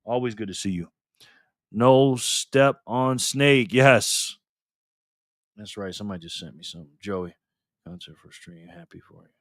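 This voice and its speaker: A man's voice: low voice, a little fast, pauses often, fairly bright tone, husky, dry recording, studio quality. Upbeat older man hosting a livestream. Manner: upbeat, greets and thanks viewers by name. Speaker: livestream host. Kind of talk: casual livestream chat, reading donations. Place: alone at a desk at home. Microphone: desk mic facing a camera.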